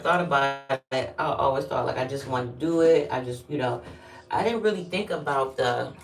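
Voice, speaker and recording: Woman, low voice, casual storytime vlog, candid and rambling, swears freely, echoey bathroom, mic set back from her. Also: distant mic. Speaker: vlogger. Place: bathroom, during a bath.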